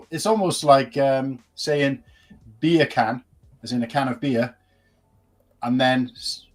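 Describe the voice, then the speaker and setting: A man talks loosely on a live stream at an ordinary middle pitch. He rambles, circles back and trips over his own restarts in an easy, chatty way. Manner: rambling, full of restarts and fillers. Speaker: co-host. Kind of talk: casual live-stream chat.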